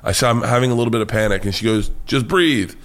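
An American man, a comedian guest, telling a wild story with lots of swearing and high-pitched acted-out quotes. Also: quick pace. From United States. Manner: excitable, swears freely, acts out quotes in a high voice. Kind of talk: animated storytelling.

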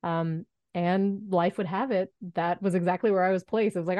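A woman in her thirties telling a story as a podcast guest, animated and acting out the voices she quotes. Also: on the low side, moderate pace, hardly any pauses, no room sound, clean studio sound. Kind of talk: storytelling in an interview.

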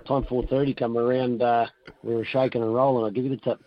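A hoarse racehorse trainer, chatting casually on the phone with radio hosts, rambling along with plenty of fillers. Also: male voice, mid-range voice. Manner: rambling, relaxed, halting with fillers. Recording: dull phone line.

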